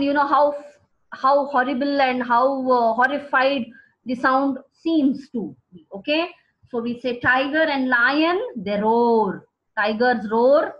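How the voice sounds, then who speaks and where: A woman teaches students, slowly repeating each key word. Her voice sits high, and the recording sounds muffled and lo-fi. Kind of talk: classroom vocabulary lesson. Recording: dull lo-fi recording.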